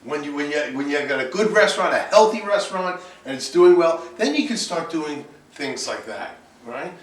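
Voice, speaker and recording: Brief: male cooking teacher, slightly high voice, heard from across an echoey classroom with faint hiss, repeats and restarts as he lectures. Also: lively intonation, normal speed, far from the mic. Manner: repetitive, restarts often, switches to bold exclamations.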